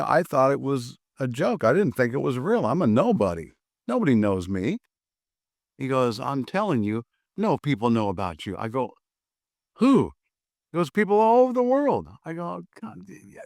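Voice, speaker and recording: Animated older man telling a story. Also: mid-range voice, no room sound, studio quality. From USA. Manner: animated, acts out both sides of conversations. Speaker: martial arts instructor. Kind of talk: casual storytelling.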